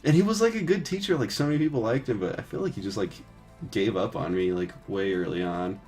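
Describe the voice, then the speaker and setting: A man's voice: lowish voice, quick pace, darkish tone, soft background music. A man in his thirties chatting casually while painting textures live, rambling with lots of filler words, swearing and laughing easily. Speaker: 3D artist streaming his texturing work.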